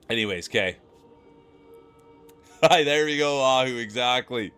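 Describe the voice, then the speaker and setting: A man's voice: mid-range voice, expressive, unhurried, long pauses, sharp tone, clear, resonant tone, faint music behind. A man livestreaming, talking casually and playfully with his chat, laughing often.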